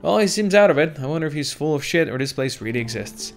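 A man hosting a let's-play video, chatting casually about his game and swearing now and then in a relaxed way. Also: fairly high pitch, fast, faint music behind. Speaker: gaming video host.

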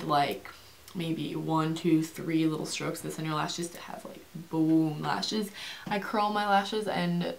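A young woman chatting fast and rambling through a beauty product review, with many fillers and restarts, speaking to camera. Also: on the low side, a little hiss or hum. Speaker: beauty vlogger.

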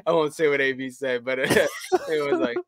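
A man co-hosting a podcast, telling stories in a lively way and slipping into quick impressions of people. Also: on the high side, no echo. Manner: animated storyteller who slips into impressions and laughs. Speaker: podcast co-host, former team staffer. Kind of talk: casual storytelling chat.

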